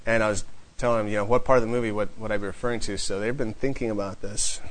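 A man teaching a casual Bible class to a small group, reading scripture slowly and then talking it through in a conversational way with frequent chuckles. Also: lowish voice, fairly even intonation, rough recording.

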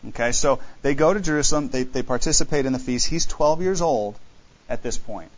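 Man, sermon, animated, rhetorical, scripture reading, muffled sound. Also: mid-range voice, a little fast. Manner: animated, rhetorical questions, reads scripture aloud. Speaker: preacher.

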